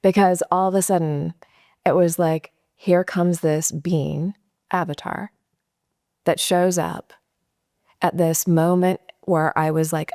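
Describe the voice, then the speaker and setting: A middle-aged woman from California telling a personal story in a casual, animated way, acting out the quotes. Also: on the low side, takes it slowly, no echo, clean studio sound. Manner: animated, acts out quotes with laughs. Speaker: guest storyteller.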